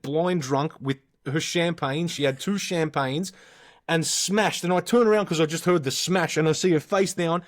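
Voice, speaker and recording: A man's voice: a little high, moderate pace. An Australian man in his thirties, a podcast co-host, telling rowdy stories in casual chat and swearing constantly. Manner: swears constantly, animated storyteller.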